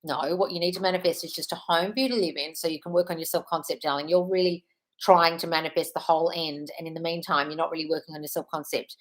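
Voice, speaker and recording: A woman's voice: low voice, fairly even intonation, quick pace. Woman, 30s, home live stream, casual chat, reassuring, blunt, says darling. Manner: chatty and reassuring, calls viewers darling, swears casually. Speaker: manifestation coach hosting a live Q&A.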